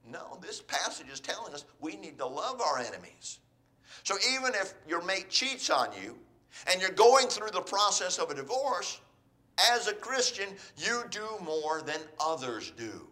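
Brief: earnest preacher, exhorting sermon delivery, bright and somewhat high-pitched. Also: male voice. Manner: earnest, exhorting, asks the listeners questions.

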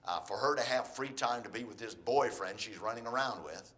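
A man doing a low, grumbling divorcing husband. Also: fairly quick, fairly bright tone, lightly acted. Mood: indignant. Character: bitter divorcing husband, middle-aged man.

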